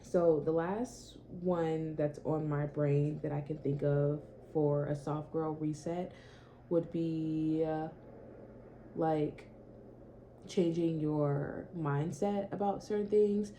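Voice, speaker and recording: A woman's voice: low voice, steady tone, slow, mellow, slight background noise. A young woman chatting casually to camera in her small apartment, repeating herself and swearing now and then. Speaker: vlogger.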